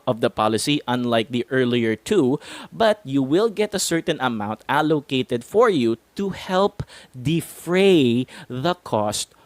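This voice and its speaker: A man's voice: mid-range voice, no room sound. A man hosting an explainer talk, chatty and laughing between points, with a sing-song stress on some words. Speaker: host. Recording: music playing under the voice. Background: hip hop music.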